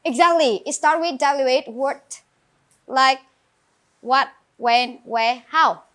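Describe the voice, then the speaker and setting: Speaking slowly in a high, bright voice, a Vietnamese-accented woman teaches English grammar to a class. She names students to respond, drills fresh vocabulary and gives them clear encouragement.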